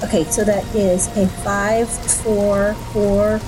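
A woman playing her character in a tabletop game, speaking quickly and wryly. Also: medium pitch, level tone, background noise. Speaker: player.

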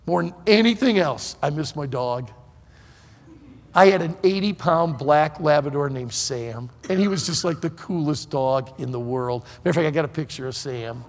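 A man from northern Michigan preaching with folksy, animated storytelling that bursts into shouts. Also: a little high, big-room sound. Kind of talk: storytelling sermon.

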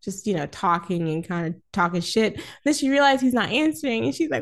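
A woman's voice: high-pitched, fairly quick, few pauses. A woman in casual chat retelling an old film scene by scene, often laughing and acting out the characters' lines. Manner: animated, laughs often, acts out lines with voices. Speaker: podcast co-host.

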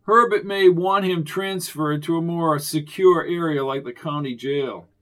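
A man reading an audiobook, voicing a snooty, pompous male official who speaks in a loud, clipped way. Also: a little high, a little slow. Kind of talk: audiobook character voice.

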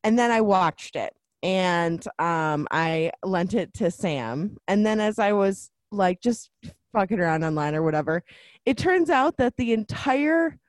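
A woman's voice: medium pitch, expressive, measured pace, no echo. A woman co-hosting a podcast in casual chat, laughing often and restarting her sentences as she tells a story. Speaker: podcast co-host.

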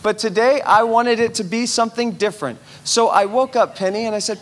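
A man, a pastor, preaching a sermon with animated storytelling and urging the audience on. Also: high voice, a little fast, a little hiss or hum.

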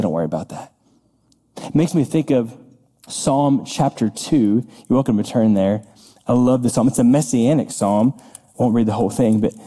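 A man's voice: medium pitch, mellow, slightly rough. A man pastor preaching a sermon in a conversational way, often repeating words and laughing lightly as he talks. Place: church sanctuary. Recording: long reverb of a large hall.

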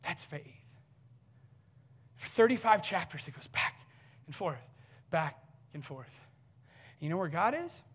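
Man, pastor, sermon, impassioned, high voice. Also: big pitch swings, a little slow, pauses often, slightly rough. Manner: impassioned, rising to near shouting.

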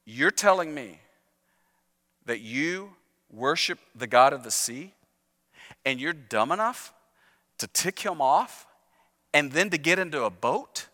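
A man's voice: a little high, animated, slow, long pauses, pushed and bright, in a large hall, pitched below the performer's own voice, full character voice. A man voicing baffled, indignant sailors firing off incredulous questions.

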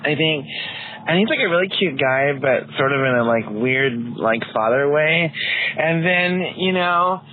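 A voice actor giving a rambling, hesitant movie review full of fillers. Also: male voice, on the high side, lively intonation, a little slow. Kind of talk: casual recorded review. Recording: tinny phone-like recording with faint hiss.

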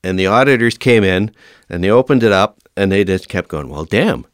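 A middle-aged man with a deep, low voice tells stories from his fire service career. He speaks in a lively, emphatic way and laughs often. The recording is dry and close. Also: brisk, clear, resonant tone, no room sound. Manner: animated, emphatic storyteller who laughs often. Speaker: fire service officer, guest. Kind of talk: casual anecdotal storytelling.

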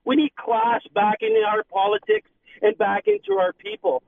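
A man's voice: very high-pitched, sing-song, moderate pace, creaky, far from the mic, noisy background. Indignant male caller on a tinny phone line. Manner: indignant, rambling. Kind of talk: phone-in call.

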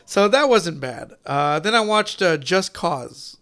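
A man chatting casually about movies, animated, swearing freely and acting out scenes. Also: high voice, slow, clean tone. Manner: animated, swears a lot, acts out movie lines loudly.

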